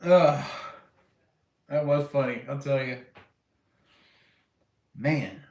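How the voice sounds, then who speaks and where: A man drawls out his words in a medium-pitched, darkish voice while hosting a relaxed livestream, joking around with viewers and laughing at his own anecdotes. The sound is roomy.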